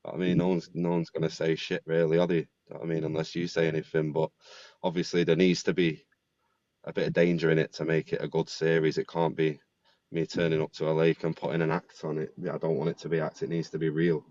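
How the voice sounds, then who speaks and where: A man's voice: very deep voice, flat delivery, quick pace, a little mellow, dry recording. A man hosting a casual podcast chat, full of slang, stammered restarts and "mate". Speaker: podcast host. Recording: dull lo-fi dry sound.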